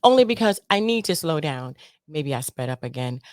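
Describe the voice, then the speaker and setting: A woman hosting an interview podcast, fast-talking and excitable, in casual chat. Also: sits low, no room sound, studio quality. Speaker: podcast host.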